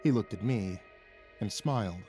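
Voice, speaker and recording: A man reading a first-person story aloud in an expressive, dramatic way. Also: on the low side, moderate pace, faint music behind. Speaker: narrator.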